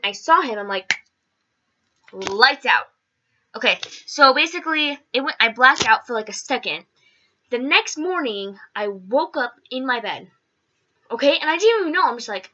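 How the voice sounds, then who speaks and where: A woman vlogger casually telling stories in a rambling, animated way, acting out the voices in them. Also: sits high, brisk, dull audio, slight background noise. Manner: animated, rambling, acts out quotes. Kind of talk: casual storytelling.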